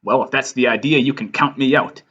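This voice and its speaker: A man's voice: mid-range voice, a little fast, a bit bright, dull audio, lightly acted. A man voicing an arrogant upper-class man with a sneering, indignant manner.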